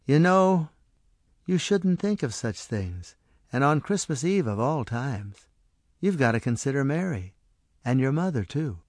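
A man voicing a small mysterious stranger who speaks softly and patiently. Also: medium pitch, big pitch swings, measured pace, no room sound, studio quality. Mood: gentle. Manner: soft, patient and coaxing. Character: small mysterious male stranger, gentle and knowing.

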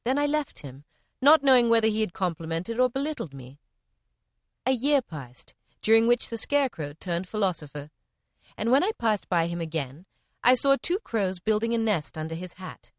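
A woman giving a measured, expressive reading of short parables in old-fashioned language. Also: medium pitch, dry recording, studio quality. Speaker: reader. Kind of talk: scripted narration of parables.

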